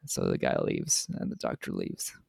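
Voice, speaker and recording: A man's voice: moderate pace, a little mellow, dry recording, studio quality. A man co-hosting a podcast, casually retelling a film's scenes and laughing often as he goes. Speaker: podcast co-host. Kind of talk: casual movie recap chat.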